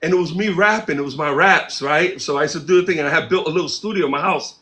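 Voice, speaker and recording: High-voiced man telling a story. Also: quick pace. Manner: animated, acts out quoted dialogue. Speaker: interview guest, music producer. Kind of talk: casual storytelling.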